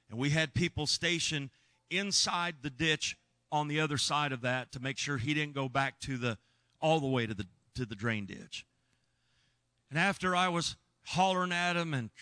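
Earnest preacher, bright voice. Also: male voice, fairly high pitch, no echo. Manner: earnest, emphatic, shouts when reliving moments. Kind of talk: sermon storytelling.

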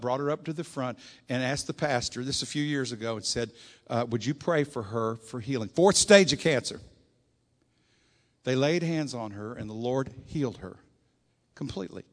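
A male preacher, telling stories in a folksy sermon and calling out "Amen?" to his congregation. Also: medium pitch. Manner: storytelling, folksy, rising to emphatic calls of "Amen?". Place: church. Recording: long hall reverb.

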